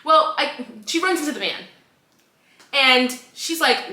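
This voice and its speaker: A young woman with a bright, fairly high voice co-hosts a casual book chat. She retells the story animatedly and slips into the characters' voices. The room has a noticeable echo. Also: lively intonation, measured pace. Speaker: podcast co-host.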